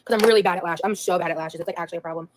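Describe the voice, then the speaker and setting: A woman's voice: on the low side, steady tone, very fast, a loud crowd. A woman doing a casual makeup live stream, chatty and rambling to her viewers as she works.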